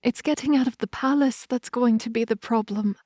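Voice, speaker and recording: A woman voicing a young female vampire heir in an audiobook, with a higher, urgent and emotional delivery. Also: a little fast, dark tone, no room sound, studio quality, natural voice. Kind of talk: audiobook character reading.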